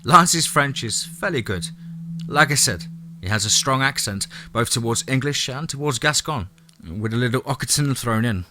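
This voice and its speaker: A man voicing a kindly middle-aged mother in an audiobook, speaking gently and at a measured pace. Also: medium pitch, expressive. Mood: gentle.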